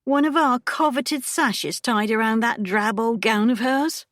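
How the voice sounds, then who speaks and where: A woman's voice: on the high side, measured pace, a bit bright, no room sound, clean studio sound, pitched above the performer's own voice. A woman voicing a sarcastic, haughty young society lady with a sneering, mocking manner.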